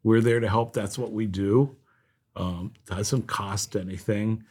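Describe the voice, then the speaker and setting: A man from Ohio, a guest leading a nonprofit, speaking in a heartfelt, halting way with many fillers in a casual interview. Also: fairly low pitch, fairly even intonation, warm tone, husky.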